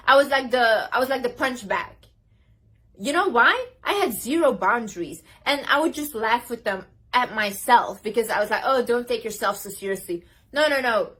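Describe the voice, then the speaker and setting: A woman's voice: fairly high pitch, fairly bright tone, husky. A young woman giving casual motivational advice, emphatic, repeating herself for stress and acting out what other people say. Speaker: motivational speaker. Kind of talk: casual motivational talk to camera.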